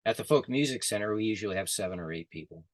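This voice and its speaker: A man telling a folk tale to friends over a video call, relaxed and often repeating his words. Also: fairly low pitch, racing. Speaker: storyteller, group organizer. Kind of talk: oral storytelling narration.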